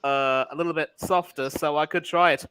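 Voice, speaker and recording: A man's voice: a little high, fairly even intonation, a little fast, sharp tone. A man from southeast England on a call-in show, hesitant and joking. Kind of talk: casual call-in chat.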